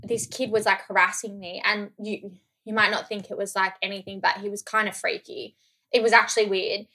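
A woman from Australia chatting casually as a podcast co-host, telling stories in an animated way, swearing freely and acting out what people said. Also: mid-range voice, brisk. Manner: animated, swears freely, acts out quoted dialogue. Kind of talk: casual chat, storytelling.

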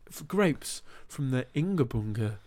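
A man's voice: medium pitch, animated, measured pace, darkish tone, no echo, natural voice. A man playing an overly pushy posh restaurant waiter in an improvised comedy role-play. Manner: insistent salesy, breaks into improvised role-play.

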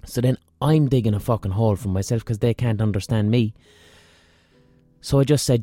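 An Irish man tells a sweary comic story, ranting with lively asides. His voice is mellow and relaxed, recorded dry and close with no room sound. Faint music sits underneath. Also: mid-range voice, fairly quick, dry recording. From Ireland. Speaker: comedian and podcast host. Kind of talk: profane comic storytelling monologue.

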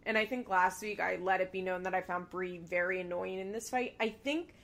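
A woman co-hosting a casual podcast, recapping reality TV with animated, swear-filled chat and acted-out quotes. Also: fairly low pitch, brisk. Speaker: podcast co-host.

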